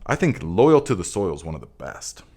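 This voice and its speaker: Low-voiced man hosting a live chat. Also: normal speed, a little hiss or hum. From Northern California. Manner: relaxed, reads viewer comments aloud with many fillers. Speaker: podcast host.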